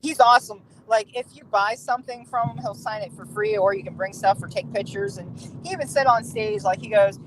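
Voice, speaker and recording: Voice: medium pitch, a little fast, few pauses, noisy background. A podcast guest chatting casually and telling a rambling story, with many fillers and laughs. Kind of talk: casual chat.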